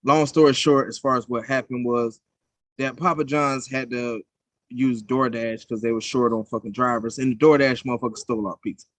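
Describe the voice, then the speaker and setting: Profane, animated man telling stories. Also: medium pitch, normal speed, no echo. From United States. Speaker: podcast co-host. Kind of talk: casual chat.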